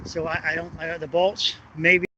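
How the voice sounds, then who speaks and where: A man's voice: fairly high pitch, little pitch movement, moderate pace, lo-fi sound. A man walking a bridge at night with a handheld camera, explaining its engineering in a rambling, hesitant way and swearing when annoyed. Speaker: construction engineering vlogger. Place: outdoors on a city bridge at night. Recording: noisy outdoor wind and traffic.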